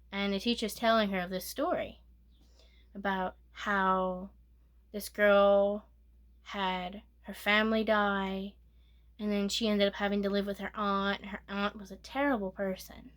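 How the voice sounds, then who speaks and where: A woman giving a soft-spoken ASMR movie recap, rambling and correcting herself, sometimes dropping to a whisper. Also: medium pitch. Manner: rambling, self-correcting retelling with filler "like". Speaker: movie reviewer.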